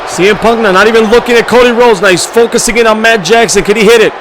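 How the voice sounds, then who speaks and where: High-voiced hyped man calling wrestling. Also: fast. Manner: hyped, loud, shouting calls. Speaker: play-by-play commentator. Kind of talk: excited wrestling video game commentary. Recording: game music and crowd noise loud behind. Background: video game crowd and music.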